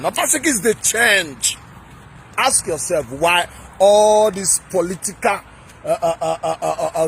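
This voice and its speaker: A man from Edo State in Nigeria, with a Nigerian accent, delivering a fiery, repetitive political rant to camera that at times turns to shouting. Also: high-pitched, slightly rough. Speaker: political vlogger.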